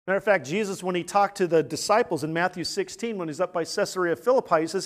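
Talking fast in a high-pitched voice, a pastor gives an earnest sermon built on rhetorical questions, his delivery moving between hushed quiet and loud emphasis.

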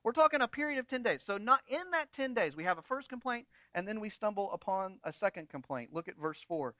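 A man preaching a sermon in a conversational, animated way, with humorous asides. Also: high voice, fairly quick, hardly any pauses, dry recording. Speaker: pastor.

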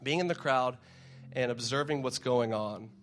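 A man's voice: medium pitch, moderate pace. Man, casual sermon, conversational preacher, stumbles and repeats words, faint music underneath. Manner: conversational, repeats words, acts out crowd shouts. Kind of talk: casual sermon with scripture reading.

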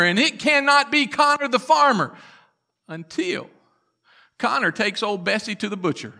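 Bright-voiced preacher man. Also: high-pitched, sing-song. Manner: folksy storytelling with dramatic pauses. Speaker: pastor. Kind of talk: sermon. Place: church.

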